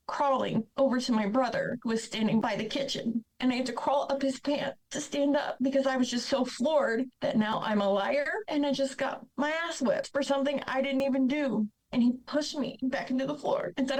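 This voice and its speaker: A woman's voice: high-pitched, fairly even intonation, fairly quick, hardly any pauses, darkish tone, low-quality recording. Woman guest on a podcast, blunt and raw, telling her own story straight out. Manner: candid, blunt and emotional. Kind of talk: personal storytelling.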